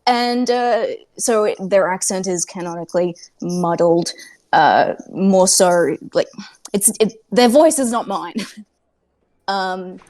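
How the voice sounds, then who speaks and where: A woman's voice: medium pitch, darkish tone. A woman playing a tabletop game on a podcast, chatting casually from home in a rambling, self-mocking way with lots of fillers. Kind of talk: casual chat. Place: at home with cats nearby.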